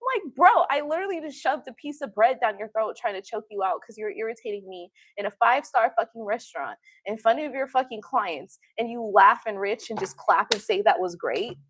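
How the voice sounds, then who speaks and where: A woman's voice: fairly high pitch, lively intonation, a little fast, hardly any pauses, a bit bright, slightly rough, dry recording. A woman hosting a livestream, telling stories in a blunt, profane, casual way and often laughing. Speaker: tarot reader and livestream host.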